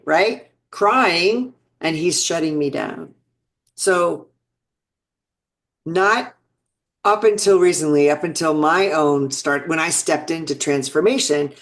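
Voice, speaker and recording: A woman in her sixties, an interview guest telling personal stories in a reflective, earnest way, often restarting sentences. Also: low-pitched. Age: 60s. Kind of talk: personal storytelling.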